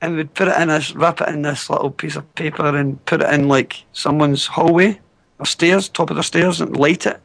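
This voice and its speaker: A man's voice: a little high, steady tone, moderate pace, gravelly, a bit bright, no room sound. A Scottish man on a casual podcast chat, telling long rambling anecdotes with restarts. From Scotland.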